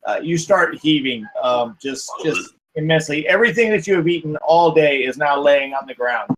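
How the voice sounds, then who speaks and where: A man's voice: fairly high pitch, expressive, moderate pace, slight background noise, low-quality recording. Rambling male game master. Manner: rambling, many fillers and restarts while describing. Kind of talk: narrating a tabletop game.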